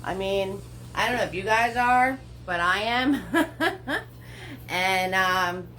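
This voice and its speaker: Slow, chatty woman painting instructor. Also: medium pitch, lively intonation, bright, forceful tone, poor audio. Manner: chatty, encouraging, talks herself through steps; slow, unhurried delivery with little laughs. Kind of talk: live paint-along tutorial.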